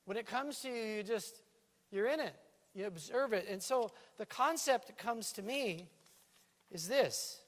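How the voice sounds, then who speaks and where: A male pastor preaching a sermon in a church, lively and playful, with a stage microphone. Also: high-pitched, a little slow. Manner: lively preaching with playful put-on island lilt. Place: church sanctuary. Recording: reverberant church hall.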